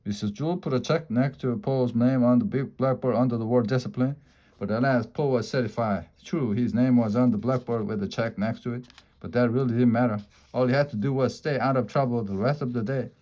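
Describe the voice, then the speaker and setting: A man reading a children's chapter book aloud in a lively, expressive way. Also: mid-range voice, a little fast, highs cut off. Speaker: storyteller.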